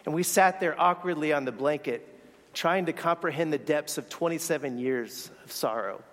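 A man's voice: on the high side, fairly bright tone. Earnest man preaching in a reverberant hall. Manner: earnest, reflective storytelling with halting restarts. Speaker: speaker sharing a faith story. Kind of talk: sermon storytelling.

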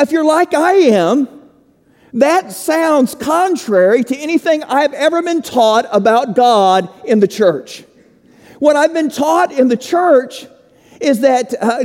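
A man preaching a sermon slowly and emphatically, with dramatic pauses. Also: extremely high pitch, a little mellow, big-room sound. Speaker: pastor.

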